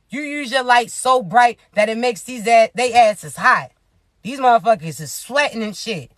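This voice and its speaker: A spiritual advisor gives a casual, animated pep talk packed with slang, sometimes preaching and often laughing. Her fairly high-pitched voice moves at a normal speed, recorded at studio quality with no echo.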